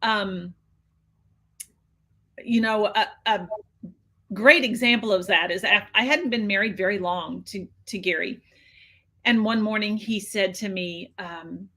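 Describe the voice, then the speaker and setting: A woman's voice: medium pitch, slow, pauses often, pushed and bright. A woman in her sixties, a podcast guest, telling her own story in a candid, earnest way with frequent restarts. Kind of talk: personal storytelling.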